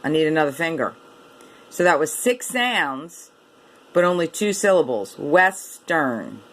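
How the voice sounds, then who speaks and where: A woman with a low, sing-song voice teaches children a reading lesson. Slowly and deliberately, she repeats each word and sounds it out letter by letter.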